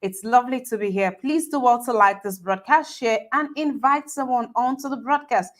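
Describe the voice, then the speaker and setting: A woman's voice: a little high, moderate pace. A woman with a Nigerian accent hosting a live stream, chatting and greeting viewers by name. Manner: chatty, friendly, often laughing. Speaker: host. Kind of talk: live stream chat reading comments.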